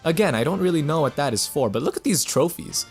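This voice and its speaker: A young man talks through a fighting game with a lively, bouncing voice that sits a little high. He rambles, stammers and corrects himself as he plays. Faint game music runs beneath his talk. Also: fast talker, breathy edge. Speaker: gaming channel host. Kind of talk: let's play commentary.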